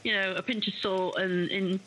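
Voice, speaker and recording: This British woman chats easily on air with a clear, bright tone. Her pitch sits mid-range, and she talks in a warm-hearted, friendly way. A faint noise runs beneath her voice. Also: steady tone, moderate pace, poor audio. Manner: chatty, warm-hearted, says darling. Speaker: radio co-host. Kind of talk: casual talk radio chat.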